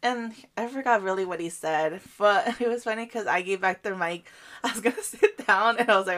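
A young woman from a Guatemalan family chatting casually, telling an animated story with frequent laughs and lots of "like". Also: medium pitch, brisk. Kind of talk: casual chat.

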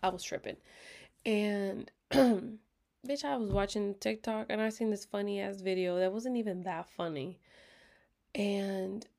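Woman, casual storytime chat, gravelly, expressive, frequent half-whispers, dry throat. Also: mid-range voice, slow pace. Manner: candid, expressive, lots of swearing and slang; talks in bursts, often drops to a half-whisper. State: dry throat, clears it often. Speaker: vlogger.

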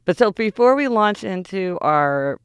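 A woman hosting a podcast in casual chat with her sister, her voice hoarse from losing it. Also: mid-range voice, lively intonation, unhurried, no room sound. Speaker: podcast host. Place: New York City.

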